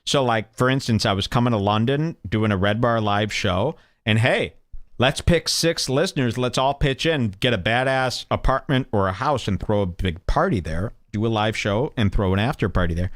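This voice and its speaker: A man's voice: mid-range voice, moderate pace, no echo, studio quality. A male podcast host telling a story in a casual, mocking way, often jumping into quoted voices.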